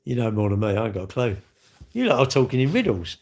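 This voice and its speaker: A man's voice: mid-range voice, big pitch swings, fast, darkish tone. A man chatting sarcastically with his live-stream viewers from home, mocking their comments. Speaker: livestreamer. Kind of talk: casual live-stream chat. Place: home, near his kitchen.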